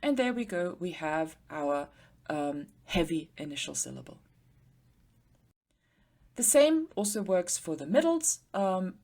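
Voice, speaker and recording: A woman teacher giving an explanatory grammar lecture, patiently slowing down to spell out word forms. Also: lowish voice, darkish tone. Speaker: Sanskrit teacher.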